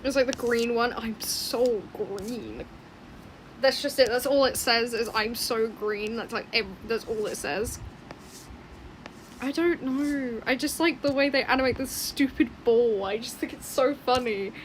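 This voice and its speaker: A young woman artist chatting casually while she draws, rambling and often muttering quietly to herself. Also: a little high, moderate pace, slight background noise, rough recording. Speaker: artist streaming her drawing.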